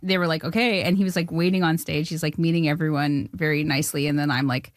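Animated chatty woman from Canada. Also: deep voice, fast, no room sound, studio quality. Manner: animated storytelling, acts out quoted dialogue, laughs often. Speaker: filmmaker and former music journalist. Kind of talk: casual interview chat.

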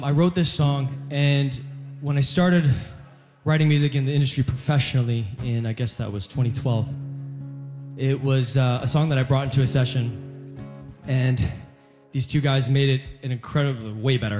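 A man's voice: medium pitch, steady tone, moderate pace, darkish tone. A man in his thirties, a singer chatting with a live audience between songs, joking at his own expense. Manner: chatty, self-deprecating, laughing at himself. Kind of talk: stage banter between songs. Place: live concert venue. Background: faint guitar.

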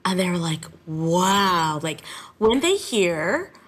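Animated low-voiced music teacher. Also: female voice, slow. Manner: animated, chatty storytelling. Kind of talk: radio interview.

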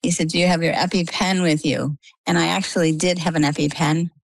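An older woman from Maine, a guest telling her own story in a chatty, lively way. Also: fairly low pitch, a little fast, creaky, dry recording. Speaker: interview guest. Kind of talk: casual storytelling.

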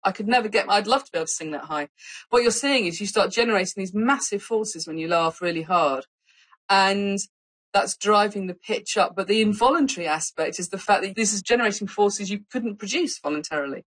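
A woman scientist explains her research in an interview, animated and expressive. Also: mid-range voice, rough recording. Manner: animated, expressive, quick asides. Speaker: scientist guest.

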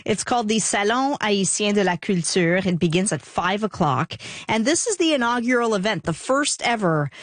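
A woman radio host who introduces the segment and interviews a guest in a friendly, smooth presenter manner. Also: medium pitch, lively intonation, normal speed, dry recording. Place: radio studio.

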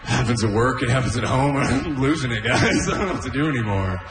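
A man in his thirties doing a stand-up set at an open mic, deadpan and self-deprecating with trailing asides. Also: mid-range voice, quick pace, heavy background noise. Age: 30s. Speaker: stand-up comedian. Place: open mic stage in a room. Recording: echoey room with long reverb.

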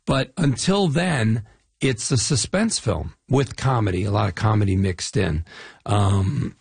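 A middle-aged man from the Chicago area, an actor guest in a casual interview, telling animated stories with lists and restarts. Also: lowish voice, a little slow, gravelly, husky, no echo. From Chicago area, US Midwest.

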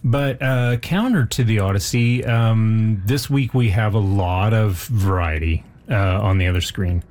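A man with a lowish voice speaks into a studio microphone as a radio guest. He talks about films in a relaxed, hesitant way, stopping to restart his sentences. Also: unhurried. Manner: hesitant, many ums and restarts. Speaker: film society guest. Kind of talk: casual radio interview.

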